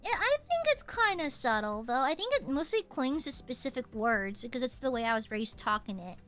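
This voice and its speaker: A woman's voice: high voice, sing-song, normal speed, fairly bright tone, faint music behind. A young woman with a subtle Southern US accent, chatting casually and playfully as a streamer while reading donations. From United States. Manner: chatty, playful, pouty teasing.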